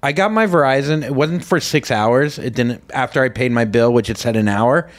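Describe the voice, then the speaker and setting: A man's voice: mid-range voice, moderate pace. An older man co-hosting a podcast, joking wryly in a laid-back casual chat. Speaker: podcast co-host.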